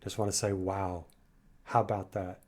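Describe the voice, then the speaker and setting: A man's voice: low-pitched, flat delivery, normal speed, heavy background noise. A man hosting a music reaction, talking in casual commentary and restarting and repeating words as he muses. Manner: musing, restarts and repeats words while analyzing.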